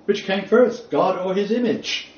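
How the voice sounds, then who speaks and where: A man with a high, animated voice and a slightly slow delivery lectures a small group on the Bible. He speaks emphatically, repeating key phrases for weight, captured in a distant, roomy, dull lo-fi recording.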